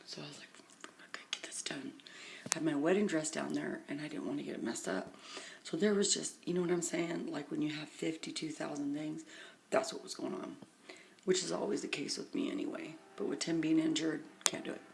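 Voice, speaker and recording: Recorded on a phone camera with a little noise behind her, a tired middle-aged woman vlogs a loose, rambling account of her day. Her voice is low and gravelly with a steady tone and brisk pace, and she keeps sinking into a near whisper.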